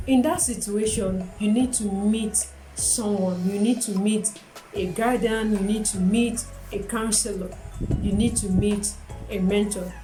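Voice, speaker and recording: Young woman, vlogger, earnest, repeats key points, personal story and advice, reverberant room, soft music bed. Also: medium pitch. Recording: echoey room with faint music.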